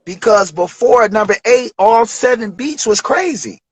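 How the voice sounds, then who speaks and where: A man telling a studio story as an interview guest, animated, acting out quotes with big jumps in pitch. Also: unhurried, breathy edge, no echo. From Detroit.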